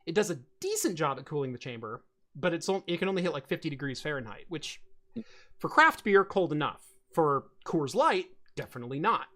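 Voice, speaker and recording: A man's voice: fairly high pitch, brisk. A man hosting a casual tech podcast, telling stories in a rambling way with lots of fillers and restarts. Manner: rambling, many fillers and restarts, animated storytelling. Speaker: podcast host.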